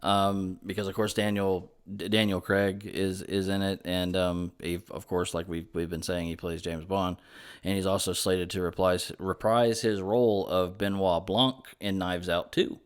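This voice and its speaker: A man with a lowish voice chatting on a movie podcast. He eagerly rattles off cast trivia and scene details with plenty of restarts. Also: steady tone, normal speed, clean tone. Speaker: podcast co-host. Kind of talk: casual movie review chat.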